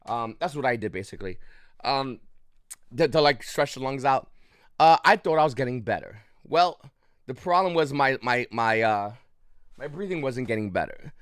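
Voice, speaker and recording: A man's voice: mid-range voice, expressive, moderate pace, clear, resonant tone, dry recording, clean studio sound. A man casually recounting a story to the camera, rambling with restarts and short of breath, with frequent coughs. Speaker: YouTube channel host.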